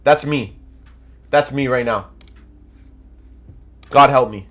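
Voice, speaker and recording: Reading chat and coaching viewers on his trading livestream, this young Canadian sounds hyped and casual despite a nose congested by allergies. He speaks slowly in a mid-range voice.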